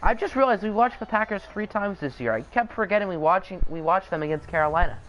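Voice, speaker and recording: A man's voice: sits high, expressive, fast talker, fairly bright tone, lo-fi sound, slight background noise. A young man hosting a live stream, calling a simulated football game and chatting with viewers in a joking, casual way. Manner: chatty, answers live chat, jokes. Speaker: channel host. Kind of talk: live sim-game commentary.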